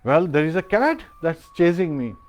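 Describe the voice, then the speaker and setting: A man's voice: on the high side, very animated, normal speed. A man voicing a frightened little male mouse in a spoken parable, his voice anxious and pleading.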